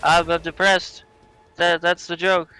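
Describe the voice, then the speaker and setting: A man doing a loud, hyper impression of a young male gaming video host, screaming his greetings. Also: a little high, level tone, measured pace, soft background music, pitched above the performer's own voice, low-quality recording. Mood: mock-gloomy.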